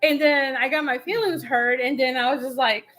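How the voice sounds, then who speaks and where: A woman with a bright, high voice tells a story from her marriage in a live Q&A. She is animated and plays out both sides of an old argument, breaking into laughter. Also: moderate pace, low-quality recording. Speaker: co-host telling a marriage story.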